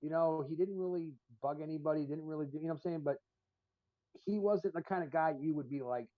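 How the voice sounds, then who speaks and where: A man's voice: fairly high pitch, fast talker, no room sound. A man co-hosting a podcast, telling long, profane, rambling stories full of fillers in casual chat. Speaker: podcast co-host. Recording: dull lo-fi stream audio.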